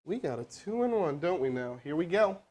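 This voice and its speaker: Loud, animated man hosting a live sales stream. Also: a little high, a little fast. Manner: loud, animated, rallies the chat. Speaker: host doing live sales calls. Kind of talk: energetic live-stream teaching.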